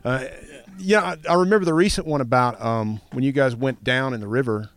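A man's voice: mid-range voice, a little fast. A man from Arkansas being interviewed outdoors in the wilderness, talking in a friendly and slightly hesitant way that repeats words as he goes. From Arkansas, United States. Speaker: podcast listener, guest. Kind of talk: casual interview.

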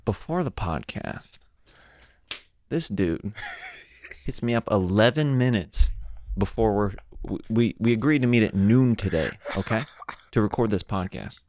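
A man hosting a casual podcast from a garage studio, telling a story in an animated way and laughing often. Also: fairly low pitch, unhurried, long pauses, dry recording. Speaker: podcast host.

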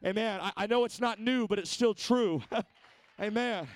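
In a church sanctuary, a man with a high voice preaches a Pentecostal sermon a little slowly. He repeats words as he shifts from conversational talk into fervent exhortation.

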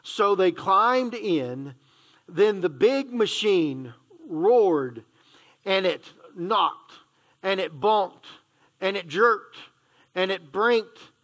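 A man's voice: high voice, animated, drawn-out words, fairly bright tone. A man, a church pastor, reading a children's storybook aloud in a playful way, stumbling and correcting himself and adding asides.

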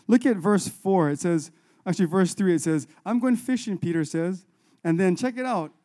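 Male pastor, high-pitched mellow voice, casual animated sermon delivery. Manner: conversational, animated, acts out biblical dialogue.

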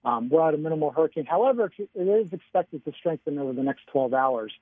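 A man giving a casual radio weather forecast by phone, chatty and relaxed, often chuckling. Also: on the high side, fast, no echo. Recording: tinny phone line.

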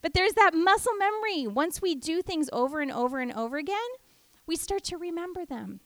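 Woman, high voice, dry close sound, middle-aged, devotional teaching, lively storyteller. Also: brisk, no room sound. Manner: animated storyteller who acts out family voices. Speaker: women's ministry teacher.

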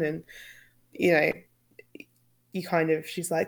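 A British woman with a slightly low voice chats about books with a co-host. She talks in a relaxed, thoughtful way, sprinkling in casual "like"s as she works through her ideas. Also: a little slow, gravelly, pauses often. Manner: relaxed, thoughtful, frequent "like" fillers. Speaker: book podcast co-host. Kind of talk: casual book discussion.

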